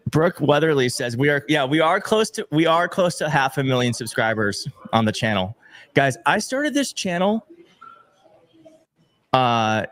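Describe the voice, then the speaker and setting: A man's voice: mid-range voice, fairly bright tone, no room sound. A young man hosting a live stream, reading out viewer messages and thanking donors in an emotional, grateful, slightly fumbling way. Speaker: livestream host reading viewer donations. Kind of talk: casual live-stream chat.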